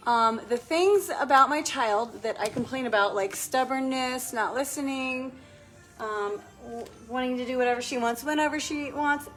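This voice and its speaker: A woman's voice: high voice, normal speed, a bit bright, soft background music. A woman in her thirties hosting a casual crafting tutorial, chatting to viewers as she works. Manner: chatty, talks to viewers and her child while working. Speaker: craft video host.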